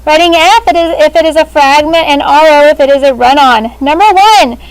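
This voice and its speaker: A high-pitched woman leads a grade-school grammar lesson, brisk and businesslike as she calls on students one by one. She speaks through a face shield in a classroom. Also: poor audio. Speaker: sixth grade language teacher. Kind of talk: classroom teaching.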